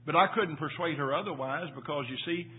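Older man, pastor, sermon, storytelling, husky voice, tinny lo-fi recording. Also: on the high side, a little fast. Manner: folksy, repeats words, tells stories. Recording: tinny phone-like sound.

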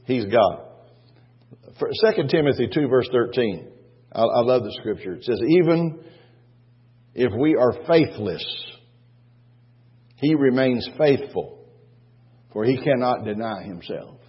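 A husky male pastor delivers an emphatic sermon. He repeats lines for weight and throws rhetorical questions to the congregation. The sound is dull and muffled, with a long church-hall echo trailing each phrase. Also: mid-range voice, lively intonation, measured pace, pauses often.

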